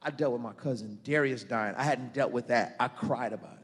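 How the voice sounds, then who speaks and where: A man's voice: medium pitch, brisk, husky. A man preaching a sermon as pastor, speaking fervently and directly to his congregation in a church. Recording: long reverb of a church hall.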